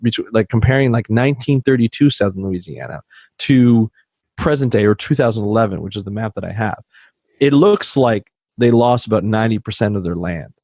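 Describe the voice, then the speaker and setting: Man telling animated stories. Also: on the low side, a little fast, dry recording, clean studio sound. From Canada. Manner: animated anecdotes, acts out quoted dialogue. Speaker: podcast guest. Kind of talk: storytelling in casual interview.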